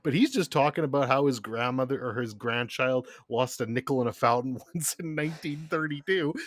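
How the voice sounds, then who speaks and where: A man's voice: on the high side, no room sound, clean studio sound. A man hosting a podcast, chatting casually and enthusiastically. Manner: animated, enthusiastic storytelling with laughs. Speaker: podcast host. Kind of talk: casual chat.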